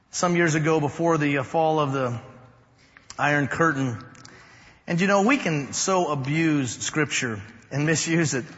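This pastor tells a story from the pulpit of a church sanctuary, his voice a little high for a man as it climbs to loud emphasis and sinks to a hush. The recording sounds dull, with the long reverb of a large church hall.

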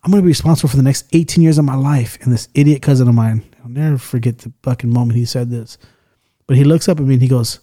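A man's voice: mid-range voice, fast, dark tone. A man hosting a podcast in casual chat, loose and swearing often as he tells stories and acts out the people in them. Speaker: podcast host.

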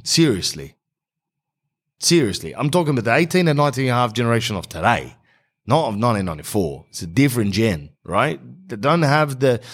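A man, telling rambling, sarcastic comic stories in a blunt way. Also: medium pitch. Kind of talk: comic storytelling monologue.

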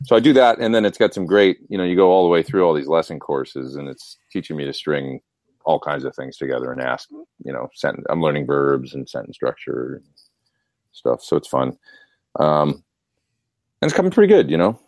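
A man's voice: a bass voice, animated, brisk, darkish tone, dry recording, clean studio sound. A man chatting casually and at length, answering viewer questions about gear and hobbies. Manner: rambling, chatty. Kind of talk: casual chat.

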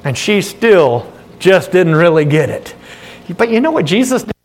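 A male pastor preaching a sermon with animated, emphatic storytelling. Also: very high voice, unhurried.

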